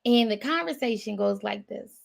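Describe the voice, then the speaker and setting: A woman dating coach chatting casually to her viewers, animated and often laughing as she calls them y'all. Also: mid-range voice, normal speed, creaky.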